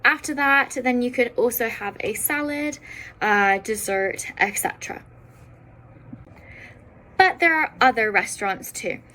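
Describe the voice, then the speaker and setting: A woman's voice: fairly high pitch, sharp tone, low-quality recording. Woman teaching beginner Italian phrases. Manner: slow careful pronunciation of foreign words. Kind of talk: beginner language lesson.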